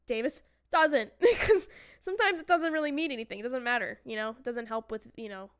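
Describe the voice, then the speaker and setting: A woman telling a story in a loose, chatty way, with a smooth and clear voice that sits a little high. She acts out what people said and drops the odd swear word. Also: fairly quick. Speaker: streamer. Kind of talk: casual chat.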